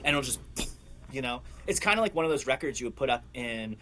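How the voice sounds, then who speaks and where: A man guesting on a podcast, telling stories in an animated, excitable way and laughing often. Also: mid-range voice, fast, a little hiss or hum. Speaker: podcast guest, clothing brand owner. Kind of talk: casual storytelling chat.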